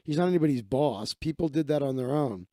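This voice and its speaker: A man's voice: mid-range voice, animated, warm tone, no room sound, studio quality. A man hosting a live stream, telling stories and answering chat in a rambling, profane, casual way. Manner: rambling, profane, quick asides.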